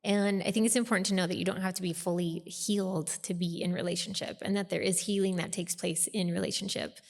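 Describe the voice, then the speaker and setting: A woman's voice: on the low side, steady tone, fast talker, creaky, big-room sound. A woman co-hosting a podcast, speaking in a heartfelt, reflective way. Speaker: podcast co-host. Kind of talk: casual podcast conversation.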